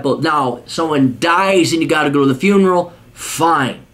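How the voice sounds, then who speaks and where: A man with a slightly high voice reads out a letter from a listener. He keeps cutting in with scornful, swearing rants. His tone is harsh and mocking. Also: normal speed. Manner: scornful, swearing, shouting bursts. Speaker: podcast host answering a listener letter. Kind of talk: profane rant while reading a letter aloud.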